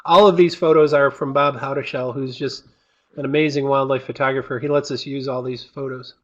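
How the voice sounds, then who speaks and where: A man hosting a casual wildlife discussion, asking questions in a chatty, halting way. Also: mid-range voice, steady tone, highs cut off. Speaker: host.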